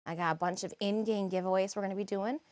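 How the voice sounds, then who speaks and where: A woman's voice: medium pitch, fairly even intonation, quick pace, darkish tone. A woman live streaming, chatting casually, greeting viewers by name and grumbling about her cats.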